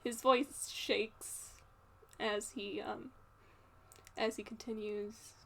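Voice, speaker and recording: A woman narrating a tabletop role-play as game master, speaking in a halting way with frequent pauses. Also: medium pitch, fairly even intonation, vocal fry, fairly bright tone. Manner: halting, with frequent fillers and restarts.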